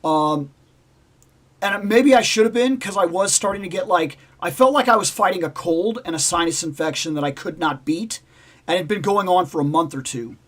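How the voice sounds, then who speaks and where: A man's voice: high-pitched, expressive, moderate pace, a bit bright. A man hosting a livestream, telling a rambling personal story in casual chat and acting out the voices in it. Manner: rambling, repeats himself, acts out dialogue. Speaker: livestream host.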